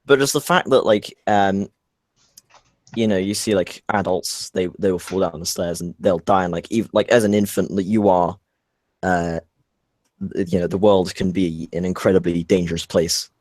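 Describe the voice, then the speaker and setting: A man's voice: deep voice, steady tone, normal speed, a little mellow, dry recording. A young man co-hosting a podcast, telling a story in a rambling, hesitant way full of fillers, over a voice call. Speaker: podcast co-host. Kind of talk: casual storytelling chat on a voice call.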